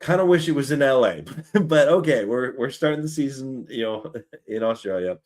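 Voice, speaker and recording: A man with a Canadian accent hosting a live sports fan stream, chatting in an excitable, talkative way. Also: medium pitch, moderate pace.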